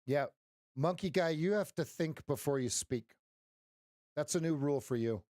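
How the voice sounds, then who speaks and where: A man's voice: fairly high pitch, animated, moderate pace, darkish tone, no echo. Dry-voiced man calling live trades. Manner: wry, teasing, talks to chat. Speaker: live day-trading streamer. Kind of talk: live trading commentary.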